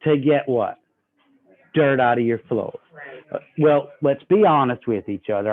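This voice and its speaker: A man's voice: medium pitch, a little slow. A man giving a sales training talk, folksy and acting out customer dialogue. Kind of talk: sales training talk with role-played pitches. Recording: tinny phone-like audio.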